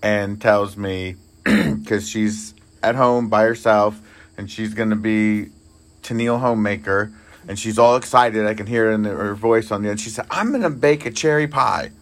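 A man co-hosting a podcast with his wife, telling a story in a relaxed, chatty way. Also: lowish voice, moderate pace. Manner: animated storyteller, voices his wife's lines. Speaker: podcast co-host. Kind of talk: casual storytelling chat.

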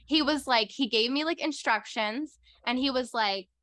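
A young woman telling a story in casual conversation, excitable and full of "like" fillers. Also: sits high, moderate pace, dry recording. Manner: excitable, heavy use of "like" fillers.

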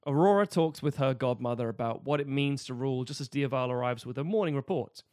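A man co-hosting a podcast, casually pitching a story and joking with swearing. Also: a little mellow, dry recording, clean studio sound. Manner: fast, jokey, slips into silly voices for characters. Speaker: podcast co-host pitching a sequel.

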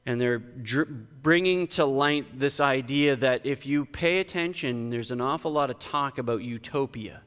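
A man's voice: normal speed, few pauses, a bit bright, clean tone. Man preaching in a reverberant hall. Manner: emphatic, conversational preaching with sudden lifts in pitch. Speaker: pastor. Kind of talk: sermon. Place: church sanctuary.

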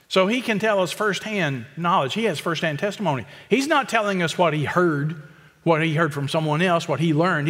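Guy preaching a sermon, repeats points for emphasis, voice a bit high, big reverby church. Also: fairly bright tone. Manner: emphatic, repetitive preaching with quick asides. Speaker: pastor. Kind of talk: expository sermon.

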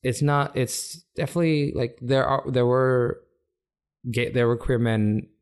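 A man from Africa, a stand-up comedian, talking casually as a guest, animated and laughing often, with many restarts. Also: medium pitch, unhurried, clean tone. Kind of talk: casual conversation.

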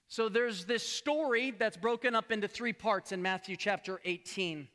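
A man preaching a sermon as pastor, telling a story with lively acted-out dialogue and frequent restarts. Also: high-pitched, moderate pace, few pauses, in a large hall. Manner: animated storytelling, acts out quoted dialogue; frequent restarts and repeated words.

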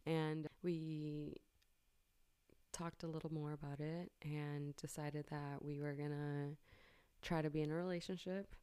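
A young woman with a low voice tells a personal story in casual chat, candid and swearing often. Her laughter comes easily. The sound is close and dry, with no room around it. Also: little pitch movement, measured pace, dark tone, smooth, dry recording.

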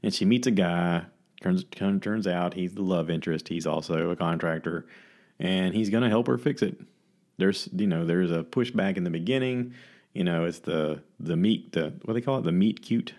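A man's voice: sits low, moderate pace, a little mellow. A man hosting a casual solo vlog, reviewing movies in a rambling way full of fillers and restarts. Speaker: vlogger host. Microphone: camera mic.

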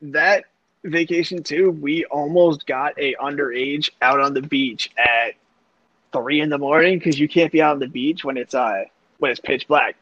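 A man's voice: on the high side, steady tone, normal speed, a bit bright, dry recording. Rambling young man telling a story. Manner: rambling, profane, lots of "like" fillers. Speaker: podcast host. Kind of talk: casual storytelling chat. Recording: dull lo-fi sound, dry.

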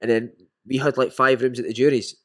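A man with a Scottish accent, a former footballer and podcast guest, telling lively stories and calling the listener "mate". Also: mid-range voice, brisk. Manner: animated anecdotes with frequent "mate". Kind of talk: casual storytelling.

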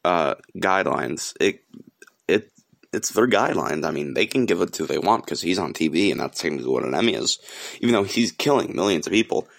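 A teenage boy from upstate New York hosts his own podcast and rants about the news. His voice sits very low for his age. He talks in a loose, rambling way, swears often and gets angrier as he goes. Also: lively intonation, brisk, creaky. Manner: angry, profane, rambling rant. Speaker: podcast host. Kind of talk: solo podcast rant.

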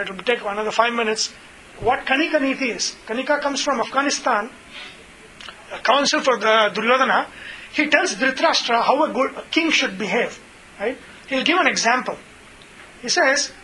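High-voiced teacher telling stories. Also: male voice, rough recording. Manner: chatty, many fillers, retells stories. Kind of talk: informal scripture class.

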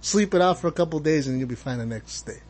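A man co-hosting a podcast in casual chat, animated and swearing as he acts out his own reactions. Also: fairly high pitch, fast. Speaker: podcast co-host.

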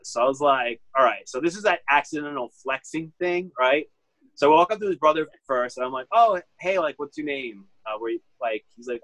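Telling a story in a casual interview, a 30-something vintage clothing store owner speaks with a medium pitch and a fairly bright tone. He goes off on tangents, uses "like" a lot, and acts out other people's words. There's no room sound, but the recording is rough.

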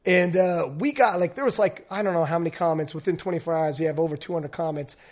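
A man hosting a podcast, telling stories in casual chat, swearing freely and acting out shouted quotes. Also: fairly high pitch, quick pace. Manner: animated storytelling, acts out shouted quotes. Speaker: podcast host.

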